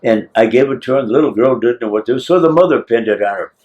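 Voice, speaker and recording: Animated older man telling war stories. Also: mid-range voice, rapid-fire, dull audio. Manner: lively, acts out scenes, teasing. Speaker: war veteran interviewee. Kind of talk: oral history storytelling.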